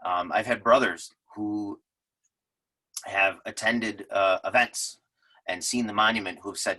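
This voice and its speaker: A man's voice: fairly low pitch, steady tone, unhurried, bright, forceful tone, rough recording. A man giving an unscripted talk, telling earnest stories with many fillers and restarts. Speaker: lodge presenter.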